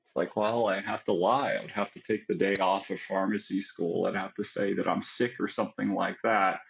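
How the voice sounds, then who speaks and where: A man's voice: low voice, fairly even intonation, a little fast, vocal fry, muffled recording. A man telling his own story as an interview guest, candid and reflective, often adding "like" and "right?". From United States. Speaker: guest, psychiatric pharmacist.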